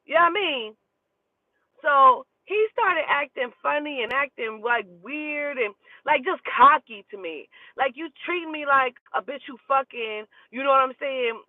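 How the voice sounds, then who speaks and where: High-voiced woman gossiping over tinny audio. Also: a little slow, hardly any pauses, dry recording. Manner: animated, profane, gossipy, acts out dialogue. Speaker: spiritual advisor. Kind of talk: casual storytelling. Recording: tinny phone-like dry sound.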